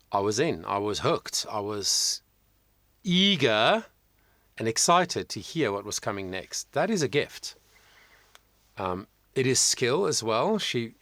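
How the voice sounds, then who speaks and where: A man's voice: medium pitch, a bit bright, no room sound. A man working as a vocal coach, talking through a singer's performance in casual commentary, thoughtful, with frequent ums and restarts.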